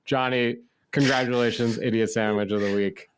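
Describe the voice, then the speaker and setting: A man's voice: mid-range voice, moderate pace, very noisy. A man co-hosting a podcast, telling a story in a casual chat, laughing often and saying "like" a lot. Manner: laughing, lively, says "like" often. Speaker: podcast co-host.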